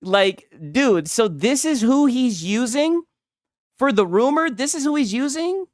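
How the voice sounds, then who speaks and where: A man's voice: extremely high pitch, expressive, a little slow, dry recording. Male streamer, casual foul-mouthed reaction talk, mocking and laughing, dry close sound. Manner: mocking, laughs often, reads chat aloud. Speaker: streamer reacting to another creator's video. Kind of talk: casual profane reaction commentary.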